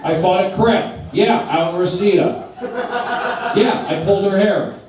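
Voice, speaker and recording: A man's voice: sits high, measured pace. A man doing stand-up comedy on a club stage, blunt and self-deprecating in short repeated sentences, with audience laughter behind him. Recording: distant echoey club recording, noisy.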